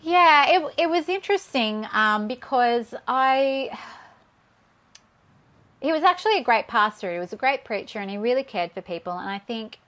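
A woman's voice: on the high side, animated, moderate pace, fairly bright tone. An Australian woman in her thirties, a guest telling a personal story in an interview, candid and a little shaky with nerves.

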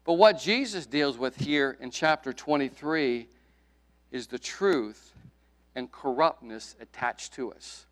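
A middle-aged man preaching a sermon with emphasis, his voice rising loud and dropping to a hush, with folksy asides. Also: medium pitch, slow. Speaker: pastor.

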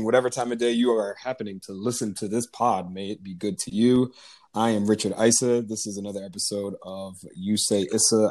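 Young male podcast host, slightly low voice, joking, easygoing. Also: steady tone, brisk, darkish tone. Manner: upbeat, joking, laughs easily. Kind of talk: casual podcast chat.

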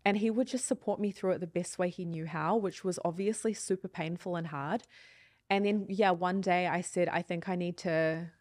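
A woman's voice: fairly low pitch, normal speed, a little mellow, no room sound, clean studio sound. A woman in her thirties, a podcast guest, telling a personal story in a candid, reflective and earnest way. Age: 30s.

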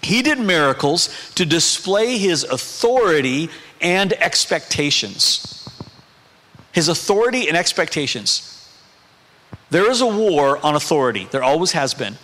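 A man's voice: on the high side, big pitch swings, unhurried, pushed and bright. A male pastor preaching a sermon in a conversational way, with humorous asides. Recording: preaching in a hall with long reverb.

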